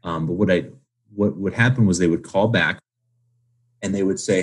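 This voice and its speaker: This guest on an interview podcast is a man in his twenties with a deep, husky voice, talking at normal speed with long pauses. His casual, loose chat is packed with fillers, especially "like," and small acted-out phone calls.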